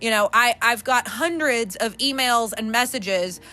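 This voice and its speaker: A woman's voice: on the high side, measured pace, bright, forceful tone. A young woman hosting a podcast in a casual, candid monologue, swearing freely and laughing often between fillers. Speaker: podcast host.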